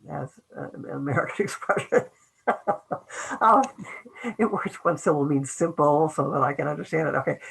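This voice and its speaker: A woman's voice: deep voice, gravelly, a bit bright, slightly rough, low-quality recording. An older woman giving a webinar lecture on academic writing, talking in a loose conversational way with restarts and acted-out quotes.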